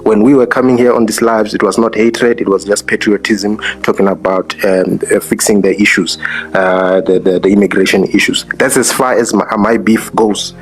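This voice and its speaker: A man's voice: on the low side, fairly even intonation, normal speed, a little hiss or hum. A man on a live-stream panel debate, earnest and hesitant, with many fillers, talking into his phone. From South Africa.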